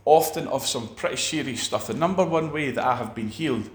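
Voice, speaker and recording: A man's voice: mid-range voice, a little fast. Emphatic man preaching in an echoey room. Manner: emphatic, repeats phrases and restarts. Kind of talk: sermon.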